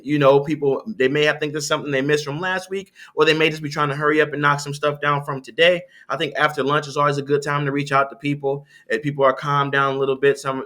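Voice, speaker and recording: Bright, animated male sales author. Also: fairly high pitch. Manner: storytelling, animated, with quoted voices. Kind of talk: conversational interview.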